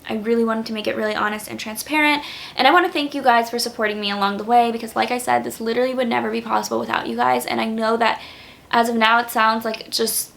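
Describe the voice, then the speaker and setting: Young woman, YouTuber, casual vlog, earnest, filler-heavy, higher voice with vocal fry. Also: steady tone, fast, a bit bright. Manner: earnest, grateful, with frequent "like" fillers. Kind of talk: casual vlog talk to camera.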